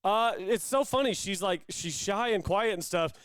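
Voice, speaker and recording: A man's voice: high voice, normal speed, a bit bright, smooth, no room sound. A man, co-hosting a sports podcast from a playroom at home over a call, easygoing and chatty. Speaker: podcast co-host. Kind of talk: casual sports podcast chat. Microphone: remote call.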